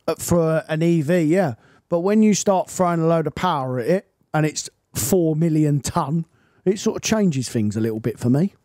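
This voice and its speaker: A man's voice: a little high, lively intonation, moderate pace, dark tone, no room sound, studio quality. A man co-hosting a car podcast, skeptical and teasing. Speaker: podcast co-host. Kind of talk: casual chat.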